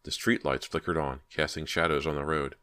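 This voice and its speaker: A man reading a horror audiobook in a steady, measured way. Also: very deep voice. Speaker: audiobook narrator. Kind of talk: scripted horror narration.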